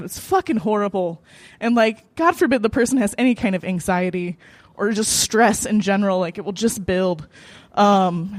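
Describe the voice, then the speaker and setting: A woman's voice: mid-range voice, dry recording. A young American woman hosting a live open mic at a cafe, telling a personal story with lots of laughter and swearing. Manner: laughing often, profane, animated.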